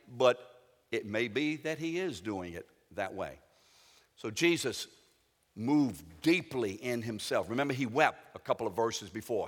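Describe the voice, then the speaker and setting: A middle-aged man preaching a sermon as a pastor, swinging dramatically between loud emphatic lines and quiet intimate ones. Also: medium pitch, lively intonation, a little slow, big-room sound.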